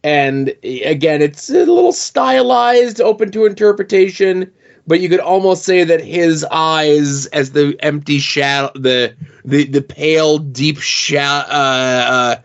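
A middle-aged man co-hosting a podcast, talking through a comic thoughtfully and pausing to search for words. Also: a little high, vocal fry, dull audio. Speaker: podcast co-host. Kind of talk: casual comic book discussion.

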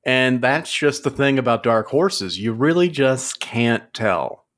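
Deadpan man co-hosting a comedy podcast. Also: mid-range voice, takes it slowly. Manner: deadpan mock-serious banter. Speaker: podcast co-host. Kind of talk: casual comedic chat.

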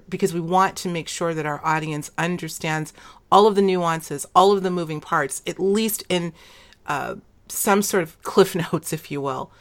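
A woman's voice: deep voice, a bit bright. A woman hosting a talk show who speaks emphatically and turns to address the audience directly. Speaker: host.

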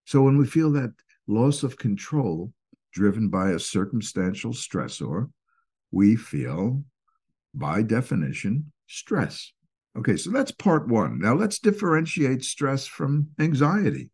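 A man with a Northeastern US accent giving an informal lecture, explaining ideas in a lively way and acting out short everyday scenes. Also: mid-range voice, husky. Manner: animated, acts out little quoted scenes. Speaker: speaker explaining stress and anxiety.

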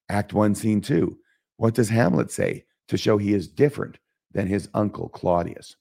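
A man hosting an educational podcast on Shakespeare, speaking in a measured way and reciting quoted lines slowly and solemnly. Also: lowish voice, creaky, mellow. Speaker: podcast host teaching Shakespeare. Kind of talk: scripted educational podcast narration.

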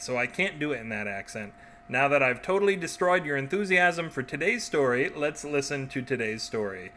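A man's voice: a little high, sharp tone, a little hiss or hum. A man hosting a podcast, making wry, joking asides and reading a short story aloud.

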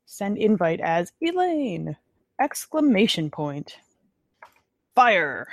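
Fast, excitable woman podcast host. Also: fairly low pitch, no room sound, studio quality. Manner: fast, excitable, laughs often. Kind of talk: casual live-stream chat.

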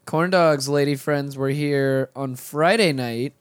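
A man's voice: mid-range voice, slow, smooth, no room sound. A man co-hosting a podcast, bantering casually with crude, rambling jokes and frequent laughs. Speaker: podcast co-host.

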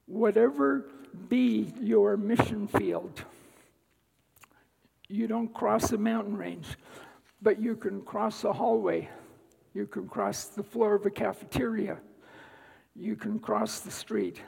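A man giving a guest talk at church, telling a personal story in an unhurried way with dry asides. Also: high voice, vocal fry, a little mellow, slightly rough, in a large hall, low-quality recording. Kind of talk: sermon-style personal testimony. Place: church sanctuary.

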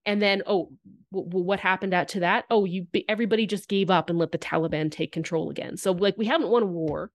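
A woman's voice: on the low side, fast talker, no room sound. A Canadian woman on a podcast who is recovering from pneumonia. She rants heatedly about politics and swears a lot. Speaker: podcast guest. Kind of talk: casual political chat.

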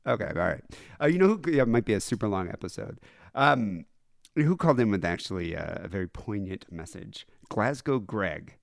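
A man's voice: fairly low pitch, normal speed, vocal fry, no room sound. Male podcast host, crude and jokey, very dry sound. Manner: crude, laughing, animated questioning. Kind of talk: casual chat.

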